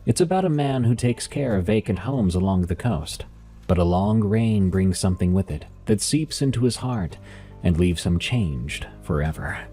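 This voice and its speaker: A man with a nasal voice hosting and narrating horror stories in a calm, measured way. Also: low voice, breathy edge, soft background music. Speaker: horror story narrator and podcast host.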